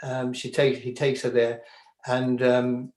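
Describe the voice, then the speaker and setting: A man's voice: medium pitch, monotone, slow pace, a little mellow. Man, from Britain, filmmaker guest, hesitant thoughtful delivery, roomy echo. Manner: hesitant, thoughtful, many restarts. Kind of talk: conversational talk.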